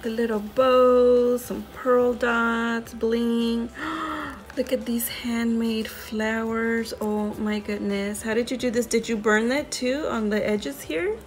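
A woman hosting a crafting video, unboxing mail from a friend and gushing over each handmade piece with excited exclamations. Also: on the high side, slow pace, soft background music. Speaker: crafting channel host.

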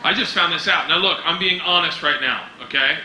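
A man performing a stand-up comedy set, telling a story in an animated way and often shouting. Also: a little high, fairly quick. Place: comedy club stage with audience. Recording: echoey club clip, loud noise.

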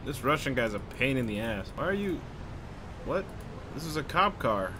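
A man's voice: medium pitch, sing-song, moderate pace, background noise. A man commentating a video game, cursing and muttering to himself. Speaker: gamer. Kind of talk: let's play commentary.

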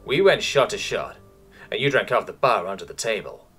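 A man voicing a wry young male pilot cadet who talks low and teasing. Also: expressive, moderate pace, a bit bright, breathy edge, soft background music, full character voice.

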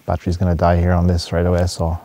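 A man's voice: deep voice, monotone, fast talker, dark tone, dry recording. A man vlogging outdoors on a winter hike, talking in a laid-back, rambling, self-mocking way while out of breath. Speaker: photography vlogger. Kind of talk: casual vlog commentary.

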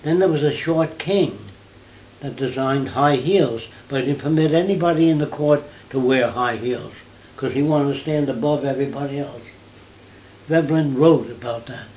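An older man from New York, answering an interviewer in conversational storytelling, with anecdotes and quick mimicked accents. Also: medium pitch, a little mellow, reverberant, a little hiss or hum, low-quality recording.

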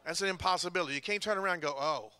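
A man's voice: high voice, racing, sharp tone, clean tone. A man preaching a testimony, telling folksy stories and laughing at himself. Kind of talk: testimony sermon. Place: church sanctuary.

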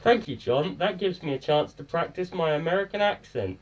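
A man's voice: on the high side, animated, normal speed, far from the mic. A man, the show's producer, dropping dry quips in casual chat. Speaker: podcast producer. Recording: dull lo-fi line with faint noise.

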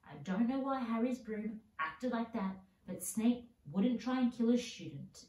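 Lady reading gruff secretive giant guy, snaps hotly, roomy echo. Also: a little high, lively intonation, measured pace, warm tone, pitched above the performer's own voice. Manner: gruff, hot-tempered outbursts. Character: gruff, big-hearted giant man, secretive. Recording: roomy sound, mic at a distance.

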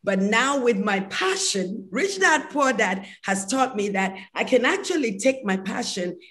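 A woman's voice: fairly high pitch, expressive, measured pace. A woman in her sixties with a Ghanaian accent, talking in a laid-back, heartfelt way as an interview guest. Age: 60s. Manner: warm, laid-back and heartfelt, laughs easily. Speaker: fitness entrepreneur guest. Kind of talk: relaxed interview conversation.

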